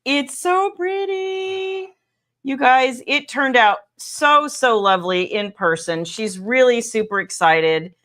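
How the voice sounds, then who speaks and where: A woman hosts her own live video stream in a casual, talkative way. Her voice sits a little high and sounds bright and forceful. She fires off teasing asides to her co-host between updates for viewers. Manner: chatty, teasing, quick asides. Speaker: author hosting a livestream. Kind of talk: casual livestream chat.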